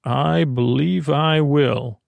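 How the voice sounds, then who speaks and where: A man voicing a tall, dignified male centaur who speaks slowly and formally in a sleepy improvised bedtime comedy story. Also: a little high, creaky, a little mellow, no echo, heavily acted. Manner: slow, formal, indignant.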